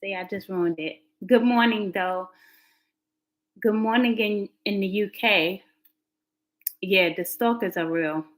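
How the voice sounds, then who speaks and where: Casual woman livestream host, animated, laughing, talks straight to chat. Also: medium pitch, takes it slowly, long pauses, low-quality recording. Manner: chatty, laughing, animated asides to viewers. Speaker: livestream host, tarot reader.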